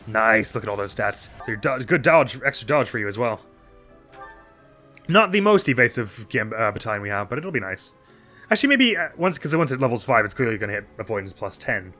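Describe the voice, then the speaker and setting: A man's voice: medium pitch, animated, a little fast, bright, forceful tone, faint music behind. A man casually commenting on his own video game as a let's play host, thinking aloud with chatty, self-mocking asides.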